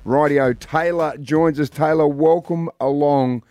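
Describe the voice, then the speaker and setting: A man's voice: fairly high pitch, steady tone, measured pace, a little mellow, dry recording. An Australian man co-hosting a radio show, upbeat and jokey, reading promos and introducing guests. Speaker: radio co-host. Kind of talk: breakfast radio banter. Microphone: studio microphone.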